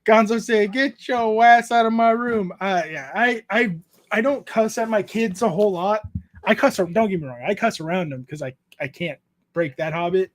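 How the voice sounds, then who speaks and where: A man in his thirties with a fairly high voice hosts a casual creator chat. He talks in a laid-back way, swears freely and laughs often as he tells stories about home. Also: moderate pace. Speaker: podcast host interviewing a YouTuber.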